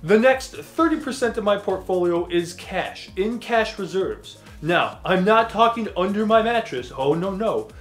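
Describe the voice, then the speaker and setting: A man doing a fretful, high-strung cautious investor with a weird accent, voice pitched up and jumpy. Soft music plays faintly underneath. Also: animated, measured pace, hardly any pauses, reverberant. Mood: anxious.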